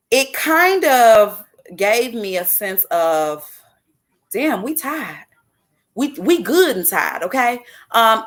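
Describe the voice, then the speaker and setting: A woman's voice: medium pitch, bright, forceful tone. A woman in her twenties from Chicago, hosting a casual spoken monologue and talking emphatically to her listeners, often checking in with "okay?". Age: 20s. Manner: emphatic, preachy, addresses listeners directly with repeated "okay?". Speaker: podcast host.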